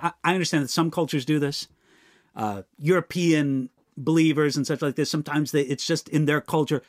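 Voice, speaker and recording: A man's voice: fairly high pitch, no echo, studio quality. A man teaching the Bible in a live Q&A, answering viewer questions by name in an earnest, explanatory way.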